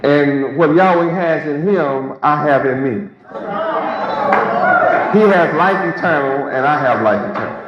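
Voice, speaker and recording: Emphatic male preacher in echoey hall. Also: on the high side. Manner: emphatic, rhetorical, drawn-out words. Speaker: religious teacher. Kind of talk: sermon. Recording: echoey lo-fi hall recording with crowd.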